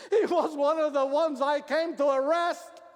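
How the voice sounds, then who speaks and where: High-voiced man telling a dramatic story. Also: fairly even intonation, unhurried, in a large hall. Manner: dramatic, repeats phrases for emphasis, raises voice when calling out. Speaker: actor portraying a biblical figure. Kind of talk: first-person dramatic storytelling monologue.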